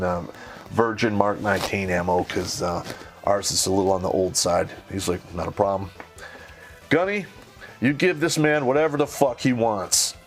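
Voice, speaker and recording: A lower-pitched man tells a war story in loose, swearing-heavy talk. He puts on the voices of the people he quotes, with faint music behind him. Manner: profane, animated, acts out quoted voices. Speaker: podcast host telling a war story. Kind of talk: casual storytelling.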